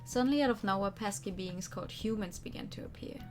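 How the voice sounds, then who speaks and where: A woman's voice: mid-range voice, quick pace. A woman streamer reading a game's story text aloud with dramatic delivery and casual asides. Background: faint background music.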